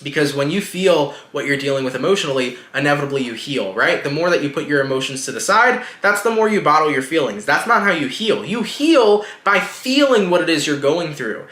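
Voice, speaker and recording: A man reads tarot cards in a relaxed, reassuring way, talking directly to his viewers. His voice is bright and a little high for a man. It rings in an echoey room. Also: brisk, hardly any pauses. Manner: reassuring, speaks straight to the viewer. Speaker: tarot reader. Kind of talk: casual tarot reading.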